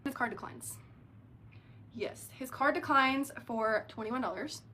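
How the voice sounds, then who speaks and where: A woman's voice: fairly high pitch, unhurried, slight background noise. Chatty young woman telling a storytime. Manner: chatty, animated, heavy use of filler "like". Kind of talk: casual storytime monologue.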